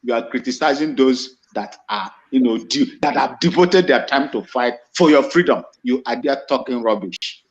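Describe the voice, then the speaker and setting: In a mid-range voice at normal speed with few pauses, a Nigerian-accented commentator delivers a fervent monologue. It's emphatic and repetitive, with many restarted phrases, and the lo-fi recording sounds dull.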